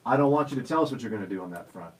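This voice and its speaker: A man's voice: mid-range voice, lively intonation, rapid-fire, low-quality recording. A man co-hosting a radio show in the studio, chatting casually and telling stories in a playful, teasing way.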